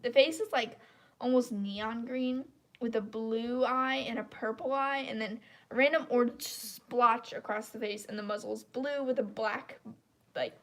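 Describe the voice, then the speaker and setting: A woman with a slightly high voice rants bluntly on a live stream. She rambles from point to point and airs her opinions without holding back. Her voice sounds congested, as if her throat is clogged. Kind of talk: casual live-stream rant.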